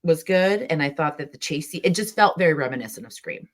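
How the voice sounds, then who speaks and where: A woman with a low-pitched voice hosts a casual podcast chat. She talks eagerly, filling her sentences with "like" and bursting into quick laughs. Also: lively intonation. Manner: enthusiastic, chatty, with frequent "like" and laughs. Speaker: podcast host.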